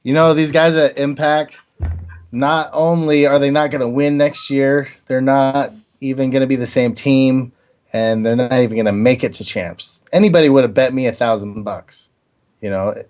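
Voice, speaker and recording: A man's voice: mid-range voice, steady tone, normal speed, darkish tone. A man appearing as a guest on a stream, talking casually and peppering his speech with "you know". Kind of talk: casual esports chat.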